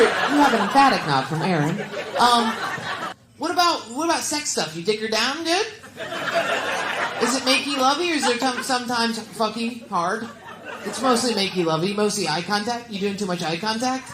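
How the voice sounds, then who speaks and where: A woman stand-up comedian does crowd work on a comedy club stage, teasing the audience with blunt questions. Her mid-range voice is animated and moves at normal speed. The echoey recording is very noisy, with loud audience laughter.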